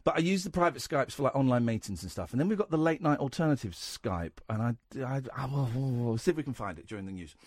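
A man's voice: mid-range voice, expressive, quick pace, few pauses, darkish tone, dry recording, studio quality. A man hosting a late-night radio phone-in, teasing and bluntly challenging his callers. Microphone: studio microphone.

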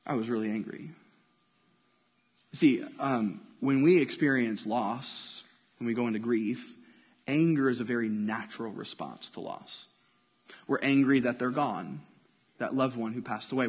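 A man preaching a sermon, animated storytelling that swings from loud to hushed. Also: fairly high pitch, breathy edge. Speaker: pastor. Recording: long reverb of a large hall.

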